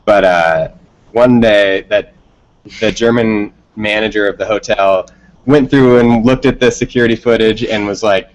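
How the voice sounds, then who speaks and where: A man's voice: on the low side, fairly even intonation, a little slow, poor audio. A man, a band member being interviewed, telling a long story in casual, rambling talk with frequent laughs.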